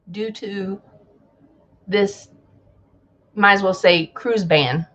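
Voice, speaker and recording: A woman's voice: on the high side, a bit bright, lo-fi sound. A woman hosting a casual live travel chat, telling news as a story and acting out the people she quotes.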